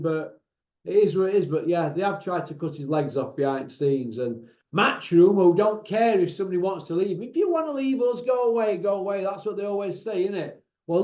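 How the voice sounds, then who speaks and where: Rambling, opinionated male pundit with a high voice, talking casually in a roomy room with a dull, lo-fi sound. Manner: rambling, opinionated, constant tag questions. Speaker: boxing pundit and channel host. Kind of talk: casual monologue.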